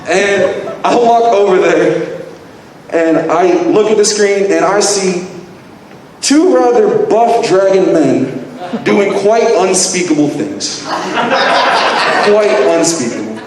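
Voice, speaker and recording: Profane young man telling a stand-up story. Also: high voice. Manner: animated, profane, self-mocking. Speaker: open mic comedian. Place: large convention hall with live audience. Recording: echoey hall, distant mic, noisy.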